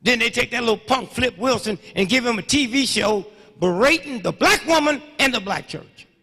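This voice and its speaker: Old guy in his 70s preaching at a crowd, high voice, raspy, big echo off the hall. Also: animated, moderate pace. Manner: sweeping swings between hushed murmurs and loud outbursts, rhythmic call-outs. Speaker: speaker addressing an audience. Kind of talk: fiery lecture with storytelling. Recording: long reverb of a large hall.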